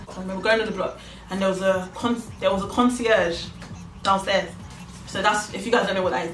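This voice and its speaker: A woman's voice: mid-range voice, fairly bright tone. A young woman telling a story in a casual, slangy way, acting out both sides of it. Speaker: vlogger. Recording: echoey room, mic at a distance, faint music.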